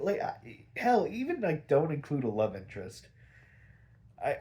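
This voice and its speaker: A man's voice: fairly high pitch, darkish tone. A sniffly man casually retelling and reviewing a cartoon episode, rambling, swearing and laughing as he goes.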